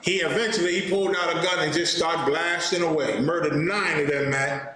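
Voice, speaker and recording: A man's voice: fairly high pitch, fairly even intonation, fairly quick, bright, forceful tone. A man hosting a show and giving heated, indignant commentary, driving his points home and repeating himself for emphasis. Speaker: host and teacher. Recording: very echoey room with faint noise.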